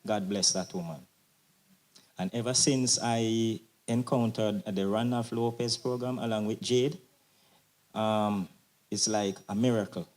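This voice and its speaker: A man's voice: lowish voice, steady tone, measured pace, darkish tone. A man giving a grateful parent testimonial at a symposium, fervent and repeating his thanks and blessings. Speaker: parent speaker. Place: symposium hall.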